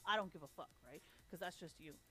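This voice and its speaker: A woman's voice: on the low side, brisk, sharp tone, faint music behind. Foul-mouthed ranting woman streamer. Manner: blunt, sarcastic, swears constantly. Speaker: livestreamer. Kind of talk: profane ranting monologue.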